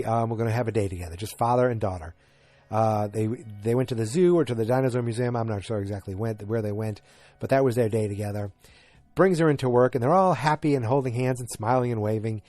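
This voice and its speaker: A man's voice: mid-range voice, a little fast, a little mellow, no echo, faint music behind. Chatty male podcaster, dry sound. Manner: chatty, rambling, gets worked up and exasperated. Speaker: podcast host. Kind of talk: casual episode recap.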